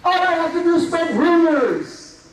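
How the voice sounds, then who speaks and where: Gloating taunting male devil, high voice, distant echoey room, as a preacher puts him on. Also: expressive, a little slow. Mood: mocking, gloating. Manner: taunting, sneering. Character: gloating, scornful male devil mocking humankind. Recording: echoey hall, mic at a distance.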